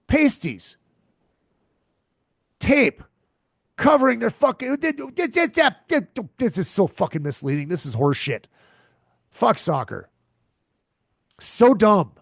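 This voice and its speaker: Male podcast host, profane exasperated ranter, slow drawl with a gravelly edge. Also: high voice, dry recording, clean studio sound. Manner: profane, exasperated, repeats himself. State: tired and hungover. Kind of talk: crude comedic rant.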